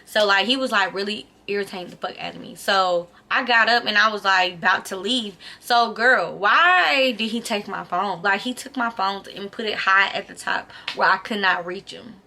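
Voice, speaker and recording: A woman's voice: mid-range voice, normal speed, few pauses. A young woman vlogging a storytime, casual and profane, filling her talk with "like". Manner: casual, profane, animated retelling with filler "like". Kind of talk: storytime vlog.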